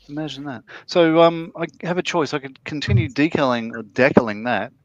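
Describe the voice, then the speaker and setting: A man chatting about his model build, rambling and self-deprecating, full of ums and restarts. His voice sits mid-pitched and comes through a dull, lo-fi video call line, close and dry. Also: moderate pace, dry recording. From Australia. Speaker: panelist. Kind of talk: casual chat while building a model.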